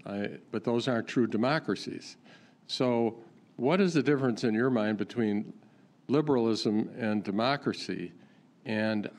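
Low-voiced man challenging a speaker. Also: darkish tone. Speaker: questioner. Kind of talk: public talk Q&A.

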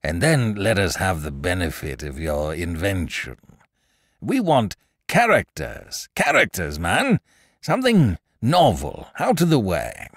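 A man voicing a cruel, blustering king with loud, mocking, drawn-out speech in a dramatic audiobook reading. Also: low-pitched, huge pitch swings, dry recording, clean studio sound, full character voice. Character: cruel, blustering middle-aged male king.

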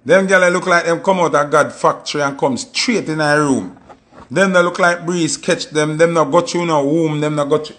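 A man with a Jamaican Patois accent, telling stories in a casual monologue and acting out quoted voices with sudden high jumps. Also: moderate pace, fairly bright tone. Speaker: commentator.

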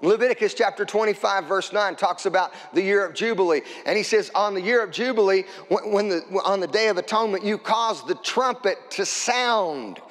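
High-voiced man preaching a sermon. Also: brisk, hardly any pauses, big-room sound. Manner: preaching with scripture quotes, rising to shouts at climaxes. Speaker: pastor.

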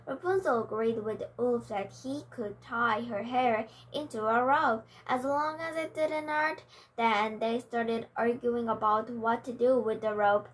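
A woman reads a children's storybook aloud at a slow, careful pace. Her voice sits fairly high, and she corrects small slips as she goes. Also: low-quality recording. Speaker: reader.

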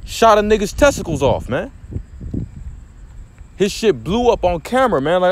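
A man's voice: high voice, very animated, normal speed. A man delivering an impassioned, profane religious rant, repeating himself for emphasis with faint vehicle noise behind. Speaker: street preacher.

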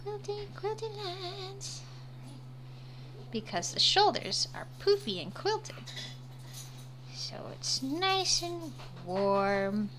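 A woman's voice: fairly high pitch, big pitch swings, slow, a bit bright, a little hiss or hum. A woman streaming as she draws, chatting casually, laughing often and swearing freely. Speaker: livestreamer. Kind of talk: casual livestream chat while drawing.

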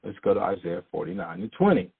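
A man's voice: deep voice, very animated, fast talker, creaky, slightly rough. A man teaching from scripture, reading long passages aloud and checking in with his listeners with "okay?". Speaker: bible teacher. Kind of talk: sermon-style bible teaching. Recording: tinny phone-like audio.

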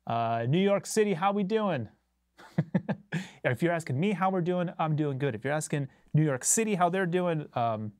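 A relaxed man chats with his livestream viewers in a loose, rambling way, chuckling between thoughts. His voice sits a bit higher than most men's and comes across close and dry, with hardly any room sound. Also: moderate pace, no room sound. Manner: laid-back, rambling, chuckles often. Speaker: bassist hosting a livestream. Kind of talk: casual livestream chat with viewers. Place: recording studio.

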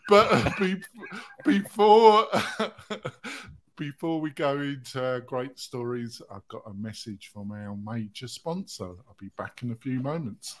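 A man's voice: medium pitch, expressive, measured pace. A man hosting a round-table podcast over a video call, jovial, laughing often and stumbling over fillers. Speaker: host.

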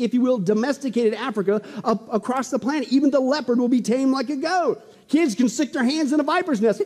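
A man preaching an excitable, jokey sermon, often firing rhetorical questions at the crowd. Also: very high voice, husky. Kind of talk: sermon on prophecy. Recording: long hall reverb.

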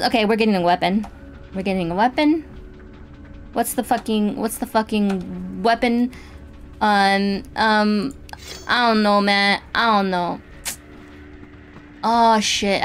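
A woman's voice: a little high, slow, pauses often, faint music behind. A woman commenting casually while playing a game, swearing and squealing when startled. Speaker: gaming streamer. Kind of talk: casual let's-play commentary.

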